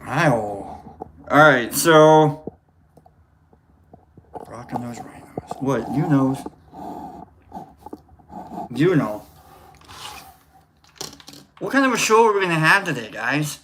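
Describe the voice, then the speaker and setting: Lively, bright-voiced rambling livestream host. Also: male voice, fairly high pitch, slow pace, long pauses, a little hiss or hum. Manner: joking, meandering, greets viewers by name. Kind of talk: rambling casual livestream chat.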